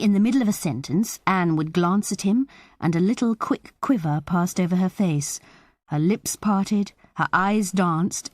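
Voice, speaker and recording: In this scripted audiobook narration, a low-voiced woman reads with measured, expressive storytelling. The recording is dry and has clean studio sound.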